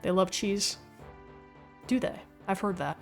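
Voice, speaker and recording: A woman's voice: mid-range voice, measured pace, creaky, soft background music. A woman chatting casually with her livestream chat while playing a game, goofy and talkative, reading comments aloud. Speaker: game streamer.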